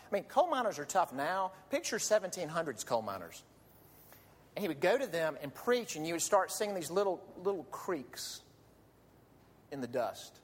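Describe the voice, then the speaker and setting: A man's voice: fairly high pitch, fairly bright tone. A man preaching a sermon as a pastor, earnest and pleading, asking his listeners question after question. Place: church sanctuary. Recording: long reverb of a large hall.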